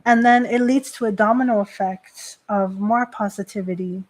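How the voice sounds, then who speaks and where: A woman who is a Shinto priestess hosts a live stream about religion, speaking casually and chattily with lots of "like" fillers. Her medium-pitched voice keeps fairly even intonation at a moderate pace, and the recording quality is low.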